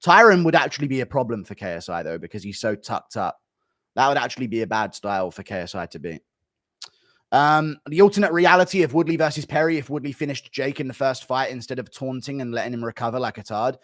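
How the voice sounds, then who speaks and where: A man's voice: medium pitch, animated, fairly bright tone, no room sound, clean studio sound. Blunt man reacting to chat. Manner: blunt, rapid-fire verdicts, dismissive. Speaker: streamer.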